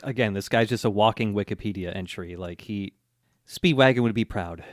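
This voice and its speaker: A man co-hosting a podcast, recapping episodes in casual chat with wry, animated storytelling. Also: fairly low pitch, normal speed, no echo. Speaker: podcast co-host.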